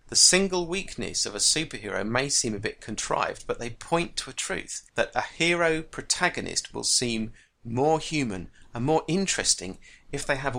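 Gravelly-voiced man teaching writing. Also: mid-range voice, sharp tone. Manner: measured, explanatory. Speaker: writing teacher and podcast host. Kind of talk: podcast lesson on writing craft.

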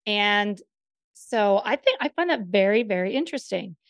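A woman's voice: medium pitch, expressive, no echo. Curious chatty woman, dry close sound. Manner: curious, chatty, quick to laugh. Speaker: co-host. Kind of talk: casual advice chat.

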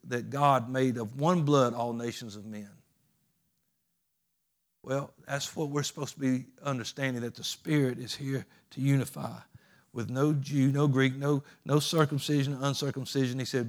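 Pastor guy preaching, folksy and plainspoken, gets loud and emphatic. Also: mid-range voice, steady tone, normal speed. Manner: preaching with emphatic, rising calls to the congregation. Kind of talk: sermon.

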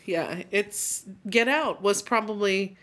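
A woman in casual chat, telling a story in an animated way and swearing freely. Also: mid-range voice, takes it slowly.

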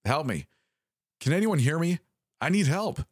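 A man voicing a creature calling over the radio, pleading at first and then taunting and menacing, with a raspy edge. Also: lowish voice, very animated, unhurried, dry recording, studio quality, voice pushed up.

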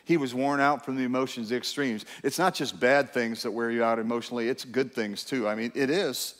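A man preaching a sermon to a congregation, swinging from hushed, quiet lines to loud emphatic ones and calling out to the crowd. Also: medium pitch, fairly quick. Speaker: pastor. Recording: long hall reverb.

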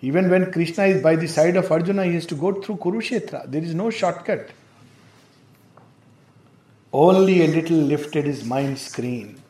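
High-voiced man, measured spiritual lecturer, echoey room. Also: warm tone. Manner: measured, explanatory, with hesitations. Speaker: spiritual teacher. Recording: roomy echo.

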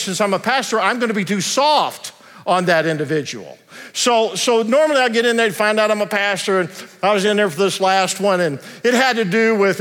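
A man preaches to his congregation, trading casual, joking storytelling for slow, emphatic preaching. His voice rings out with a long reverb through a large church sanctuary. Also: high voice, a bit bright. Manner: storytelling, conversational and humorous, slows down to preach. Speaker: pastor. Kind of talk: sermon.

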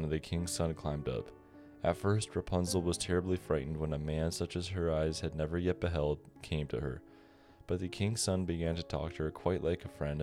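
A man narrating a bedtime fairy tale on a podcast in a calm, measured reading. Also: a bass voice. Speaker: podcast storyteller. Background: soft guitar music.

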